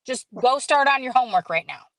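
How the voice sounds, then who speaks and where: A woman hosting a casual live stream, telling a story in an animated way, acting out quoted dialogue and greeting viewers as she goes. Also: high-pitched, fairly quick, no room sound, rough recording.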